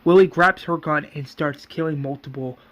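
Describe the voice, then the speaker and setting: A man's voice: a little high, measured pace, noisy background. A man casually narrating his own fan story, loose and full of fillers like "you know". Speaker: fan series writer and narrator.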